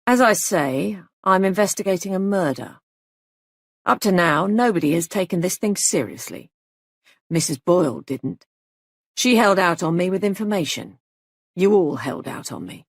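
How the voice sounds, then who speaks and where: A woman's voice: on the low side, animated, moderate pace, no echo, clean studio sound. A woman voicing a grave male police sergeant who questions people in a clipped, insistent way. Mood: stern.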